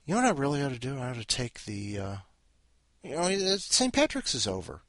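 A man's voice: medium pitch, huge pitch swings, moderate pace, fairly bright tone, no room sound. A man hosting a podcast in a rambling, self-interrupting way with wry asides. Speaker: podcast host. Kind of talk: rambling casual chat.

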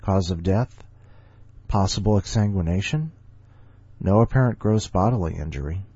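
A man's voice: low-pitched, normal speed, warm tone, husky, no echo. A man hosting a story podcast, reading stories aloud and rambling jokingly between them. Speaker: podcast host. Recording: dull lo-fi recording with faint music.

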